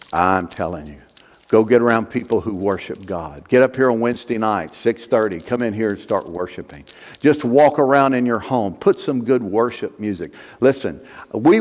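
Fervent male pastor in an echoing church. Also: fairly low pitch. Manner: fervent, emphatic, repeating phrases. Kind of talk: sermon. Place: church sanctuary. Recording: long church hall reverb.

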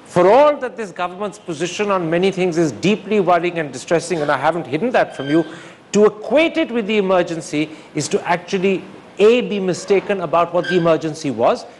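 An older man speaks in a high, clear register, building each point with formal, deliberate emphasis. A faint background hum sits under his voice. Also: expressive. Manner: measured, emphatic, formal phrasing. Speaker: interviewer and author answering audience questions. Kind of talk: articulate public talk.

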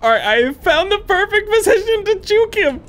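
A man playing a horror game on his channel, commenting excitedly with frequent laughter and panicky outbursts. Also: extremely high pitch, normal speed. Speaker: gaming YouTuber. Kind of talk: let's play commentary.

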